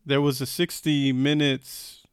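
A man with a smooth, resonant voice co-hosts a casual podcast. He hedges a lot and hunts for his words. The sound is close and completely dry. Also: medium pitch, level tone, unhurried, dry recording. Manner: hedging, searches for words with ums and restarts. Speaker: podcast co-host. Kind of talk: casual chat.

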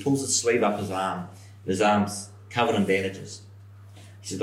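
A middle-aged man, a pastor telling a story in an animated, storytelling way. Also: lowish voice, unhurried. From New Zealand. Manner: animated storyteller, acts out quoted voices. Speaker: senior pastor. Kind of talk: storytelling in a podcast conversation. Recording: roomy echo, somewhat far from mic.

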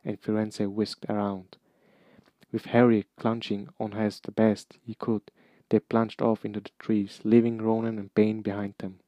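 Low flat-voiced man reading a story. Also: no echo. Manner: steady reading with occasional slips and restarts. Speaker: reader. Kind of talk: amateur audiobook reading.

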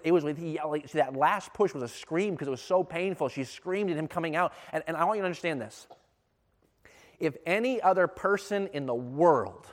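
Animated man preaching in a reverberant hall. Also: fairly high pitch. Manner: animated, emphatic storytelling with rising intensity. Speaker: speaker. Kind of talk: sermon storytelling.

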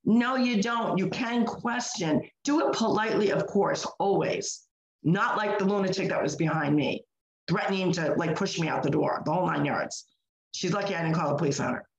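A woman's voice: fairly low pitch, moderate pace, lo-fi sound. A woman co-hosting a podcast, telling an indignant story in casual chat, full of fillers and restarts. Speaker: podcast co-host. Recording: echoey room.

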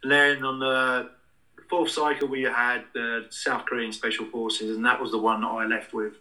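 Bright-voiced man telling stories. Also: medium pitch, flat delivery, moderate pace, rough recording. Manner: rambling anecdotal, many restarts and fillers. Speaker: interviewee. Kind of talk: casual storytelling.

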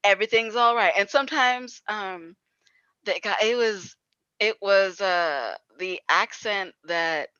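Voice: medium pitch, slow, pushed and bright, no room sound, lo-fi sound. An interview guest from New Jersey chatting casually, rambling through memories with lots of fillers and laughs.

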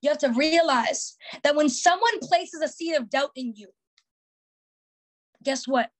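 A young woman with a high, bright-sitting voice talks on her podcast in a motivational vein. She hammers her points home by repeating phrases and leans on casual "like" fillers between thoughts. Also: a little slow. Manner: emphatic, repeats key phrases, frequent "like" fillers. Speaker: podcast host.

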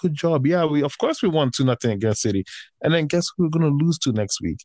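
A man's voice: fairly high pitch, lively intonation, fast talker, darkish tone, no room sound. A man in casual chat, ranting heatedly about football with constant swearing and slang. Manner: heated, profane rant with slang like bro. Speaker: podcast host and football fan.

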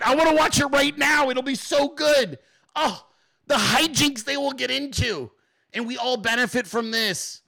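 Gravelly high-voiced man ranting excitedly. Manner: excitable, swears constantly, rapid-fire pitching. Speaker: show host. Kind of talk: profane comedic rant.

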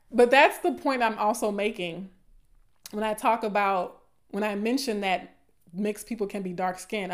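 A woman with a Southern US accent speaks in loose, conversational commentary to her audience. Her delivery is emphatic and passionate, and she circles back over key phrases to stress them. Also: mid-range voice. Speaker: video commentator. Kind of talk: casual livestream commentary.

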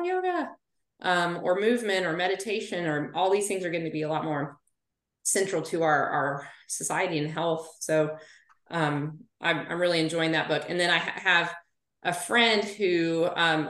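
A woman in her forties, a physical therapist, telling stories as a podcast guest in a chatty, animated way. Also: fairly low pitch, moderate pace. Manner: chatty storyteller, animated asides. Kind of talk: casual podcast interview. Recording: roomy echo.

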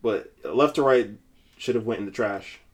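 A man in his twenties co-hosting a podcast in casual chat, animated, laughing often and repeating himself. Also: fairly low pitch, normal speed. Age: 20s. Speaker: podcast co-host.

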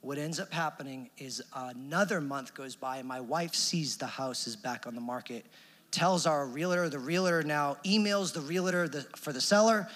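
A man's voice: fairly high pitch, moderate pace, a bit bright, big-room sound. A man preaching a sermon testimony, telling his story with animation and acting out the voices of the people in it. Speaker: minister.

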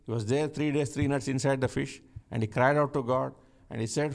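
A man's voice: medium pitch, steady tone, a little fast, vocal fry, darkish tone. A man preaching a conversational sermon, asking rhetorical questions and chuckling now and then.

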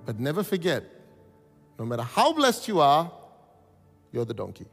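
Lively high-voiced preacher with gravelly edge. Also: male voice, normal speed, long reverb tail, faint music behind. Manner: animated storytelling preacher, calls out congregation responses. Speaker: pastor. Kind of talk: sermon. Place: church hall.

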